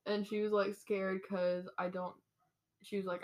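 A woman's voice: medium pitch, flat delivery, unhurried, fairly bright tone. Young woman gushing about a book. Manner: retells scenes acting out the characters' lines; giggly, says "like" a lot. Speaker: podcast co-host. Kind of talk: casual book chat.

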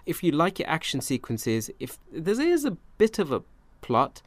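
A man's voice: a little high, wildly swooping pitch, moderate pace, no room sound. A man, chatting casually as co-host of a film review show, rambling and correcting himself as he goes.

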